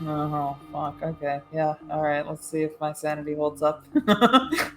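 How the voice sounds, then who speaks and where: A player in a tabletop game, talking casually, quietly and with easy laughter. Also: medium pitch, measured pace, soft background music, rough recording.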